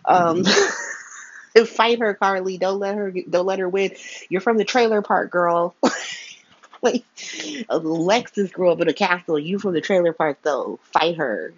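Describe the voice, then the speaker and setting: A woman with a fairly low voice hosts a podcast recapping a soap opera, speaking a little slowly and pausing often. She's chatty and slangy, laughs a lot, and gives blunt opinions. The sound is slightly dull, dry and lo-fi.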